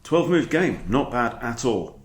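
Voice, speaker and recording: A man, a chess coach talking through his own game in a chatty, animated way. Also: medium pitch, a little slow. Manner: chatty, animated, breaks off to scold his dog. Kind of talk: casual game commentary. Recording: echoey room.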